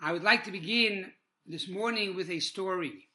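A man teaching a Torah class in a sermon style, telling stories at a measured pace with pauses, fillers and Hebrew religious terms. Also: high voice, sharp tone.

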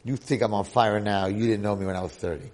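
A man in his sixties, a rabbi, telling a story to his congregation in an animated way with dramatic swings in loudness. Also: on the low side, fast.

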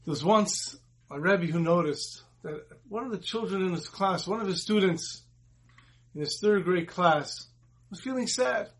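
A man's voice: high voice, expressive, a little slow, breathy edge. A man giving a Torah talk as a sermon, earnest, moving between teaching and retelling a story with its dialogue.

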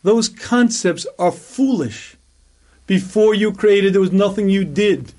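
A man teaching a Torah class in an emphatic, repetitive way, with rhetorical questions and frequent throat clearing. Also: high-pitched, expressive, takes it slowly, dark tone. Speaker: rabbi teaching a weekly class.

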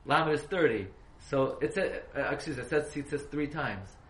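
A man's voice: on the high side, lively intonation, moderate pace, a bit bright. A man giving a halacha class, questioning his students and spelling words out letter by letter. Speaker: Torah teacher. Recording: echoey room, faint hiss.

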